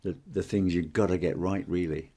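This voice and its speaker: A man's voice: low voice, steady tone, normal speed, warm tone, breathy edge. A middle-aged man co-hosting a casual chat, talking in a rambling, friendly way. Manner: rambling, chatty, fond of accents. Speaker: podcast co-host.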